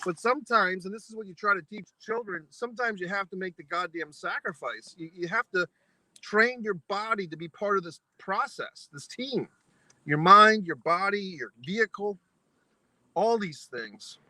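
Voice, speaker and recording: A man's voice: sits high, expressive, moderate pace, sharp tone, dry recording, low-quality recording. A man vlogging a foul-mouthed, exasperated anecdote, mock-philosophical as he spells out its lessons. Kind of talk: profane ranting anecdote to camera.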